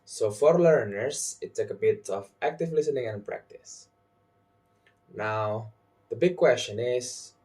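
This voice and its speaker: Slow, deliberate young male tutor. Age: young adult. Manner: slow and deliberate, stresses example words loudly and high. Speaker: English pronunciation tutor. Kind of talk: scripted lesson.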